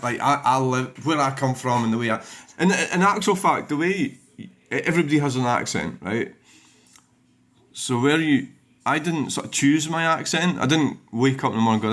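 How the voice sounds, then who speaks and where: A man's voice: mid-range voice, a bit bright. A middle-aged Scottish man hosting his own channel, rambling bluntly and swearing freely while he reads through viewer comments. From Scotland. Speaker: dashcam channel host. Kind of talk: casual vlog talk while reviewing comments.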